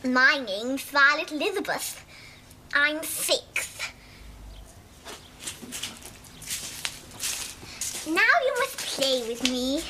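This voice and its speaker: A woman's voice: sits high, animated, slow, sharp tone, a little hiss or hum, full character voice. An actress playing a spoilt, clingy six-year-old girl in a television drama, speaking in a whiny, wheedling voice. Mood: coaxing.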